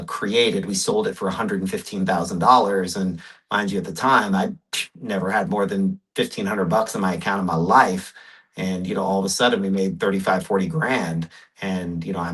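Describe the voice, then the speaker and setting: A man speaking as a podcast guest, telling his story with emphasis in a relaxed interview. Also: sits low, breathy edge, rough recording. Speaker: podcast guest, real estate investor. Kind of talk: casual interview talk.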